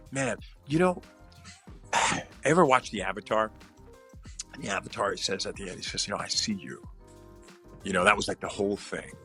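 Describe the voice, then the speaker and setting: A man's voice: on the low side, sharp tone. A man, a psychologist hosting a podcast, giving casual relationship advice and acting out what partners might say to each other.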